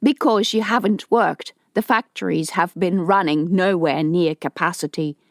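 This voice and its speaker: A woman's voice: on the low side, moderate pace, no room sound, studio quality, close to an everyday voice. A woman voicing a rebel leader in an audiobook, giving a defiant, rousing speech to a crowd. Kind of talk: audiobook character voice.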